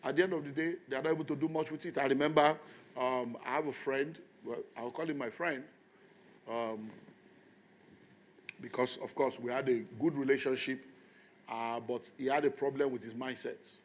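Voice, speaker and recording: Nigerian preacher telling a story. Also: male voice, medium pitch, moderate pace, a little hiss or hum. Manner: animated storytelling, acts out dialogue. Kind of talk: storytelling sermon.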